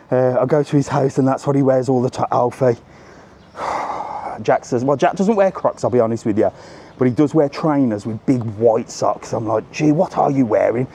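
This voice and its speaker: A middle-aged man giving a chatty live walking tour of a hotel resort, talking to his phone camera as he goes. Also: mid-range voice. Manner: chatty, animated, keeps saying "look". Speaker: travel vlogger. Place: outdoors around a hotel resort.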